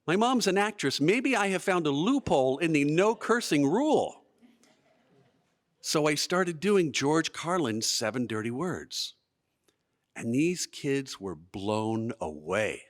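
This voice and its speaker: A man performing a comic personal story on stage at a live storytelling event, with animated delivery and comic timing. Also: on the high side, takes it slowly. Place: museum event space, live audience.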